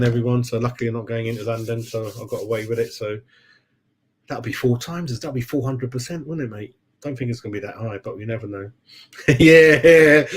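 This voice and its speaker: A man's voice: medium pitch, a little mellow. A man hosting a football fan channel, chatting casually with live-stream viewers, laughing often and calling everyone mate.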